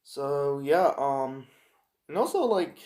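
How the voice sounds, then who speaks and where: A man casually reviewing a TV episode, rambling and halting with lots of fillers and restarts. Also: medium pitch, animated, darkish tone. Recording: echoey room.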